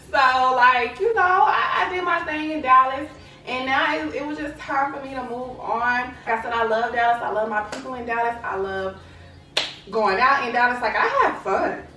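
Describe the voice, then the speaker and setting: A young woman from Lubbock, Texas, chats casually to camera as a vlogger, filling her talk with "like" and "you know what I'm saying." Her voice sits high and sounds bright and forceful at normal speed. The recording has an echoey room, a distant mic, and faint ambience.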